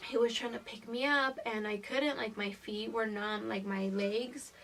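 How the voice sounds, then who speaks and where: A woman's voice: on the high side, fairly even intonation, a little slow, fairly bright tone, far from the mic. A young woman in her twenties, a vlogger telling a personal story in a casual, profane way and laughing through it.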